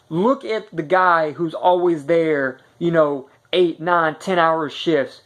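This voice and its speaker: Blunt rambling man, higher voice. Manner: rambling, repeats words as he searches for them; blunt and direct. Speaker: vlogger giving relationship advice. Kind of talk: casual unscripted monologue.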